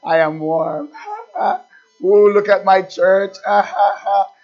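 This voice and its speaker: A smug, self-satisfied man gloating over how comfortable he is, put on by a male preacher. His voice sits fairly high. The recording is dull and lo-fi, with faint music underneath. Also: expressive, slow, darkish tone. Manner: gloating, laughing at himself in satisfaction.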